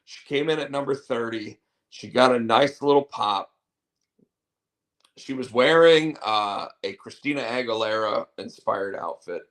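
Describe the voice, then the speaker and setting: A man with a medium-pitched, slightly bright voice hosts a show, speaking a little slowly. He chats casually about wrestling in a rambling, opinionated way.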